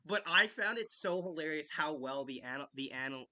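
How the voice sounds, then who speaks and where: A young man hosting a casual live hockey podcast, chatty and excitable. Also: on the high side, a little fast. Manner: chatty and excitable, jokes with a friend. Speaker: podcast host. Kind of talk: casual live game-watch chat.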